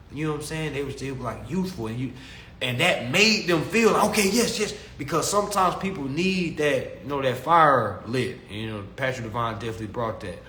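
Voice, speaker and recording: A young man's bright, forceful mid-range voice delivers a casual, preachy consumer-law talk to his followers over slight background noise. He repeats himself often and calls them family, and the echoey room holds faint ambience.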